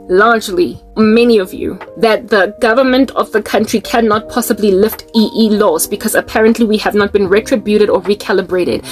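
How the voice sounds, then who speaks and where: A South African woman with a South African accent, delivering an impassioned, scolding commentary monologue and mixing English with local languages. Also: mid-range voice. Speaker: online preacher and commentator.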